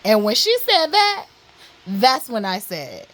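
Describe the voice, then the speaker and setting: A woman's voice: on the high side, very animated, slow pace, a bit bright, poor audio. A woman vlogger telling a personal story candidly, blunt and profane, with lots of "like" and "literally" fillers.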